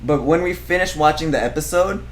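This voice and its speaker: A man's voice: a little high, a little fast. A man hosting a casual live review show, upbeat and bantering, laughing often. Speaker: host.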